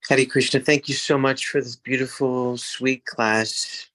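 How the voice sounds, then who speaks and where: A man sharing a personal story on a video call, hesitant with many pauses and restarts, acting out voices as he tells it. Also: medium pitch, steady tone, a bit bright, no echo, rough recording. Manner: acts out voices in his story. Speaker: class participant.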